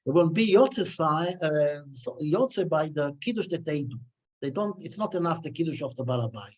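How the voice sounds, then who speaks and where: A man's voice: a little high, expressive, moderate pace, darkish tone. A man giving a weekly Torah class, telling stories with many restarts and fillers. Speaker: Torah teacher. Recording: dull lo-fi recording.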